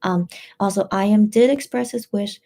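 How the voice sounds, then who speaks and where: Woman, tearful, livestream host, gravelly, dark tone, hesitant, subdued. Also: mid-range voice, normal speed. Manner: subdued, emotional, hesitant with many fillers. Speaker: livestream host reading chat. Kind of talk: casual livestream chat.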